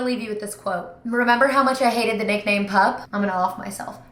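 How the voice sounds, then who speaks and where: A woman's voice: medium pitch, fairly quick, hardly any pauses, a bit bright, roomy sound, slight background noise. A young woman chatting through a casual reading vlog in a chatty, dramatic, self-mocking way while doing her nails at home. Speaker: book vlogger.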